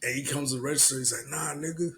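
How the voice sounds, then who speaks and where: A man hosting a solo podcast at a middle pitch for a man. He tells loose, profane stories with plenty of energy and slips into the other people's lines as he goes. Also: very fast, rough recording. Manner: profane, animated storyteller who acts out other people's lines. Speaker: podcast host. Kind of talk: solo podcast commentary and storytelling.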